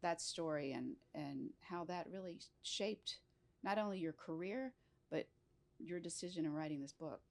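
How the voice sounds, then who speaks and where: A woman's voice: on the low side, normal speed, vocal fry, a little mellow. A woman interviewing an author on stage, asking long, winding questions in a friendly way. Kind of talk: moderated book talk.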